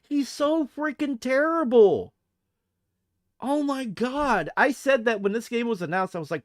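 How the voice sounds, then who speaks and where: A man's voice: very high voice, lively intonation, measured pace, no echo, studio quality. A man streaming from home and chatting casually into a desk mic, with a mocking, scoffing manner. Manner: mocking, scoffing, laughs at his own jokes. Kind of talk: casual live-stream commentary.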